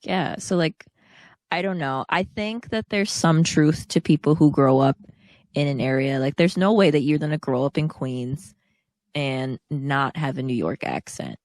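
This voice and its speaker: A woman's voice: sits low, lively intonation, measured pace, darkish tone, no room sound, studio quality. A woman co-hosting a podcast in casual chat, rambling and hedging with many fillers. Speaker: podcast co-host.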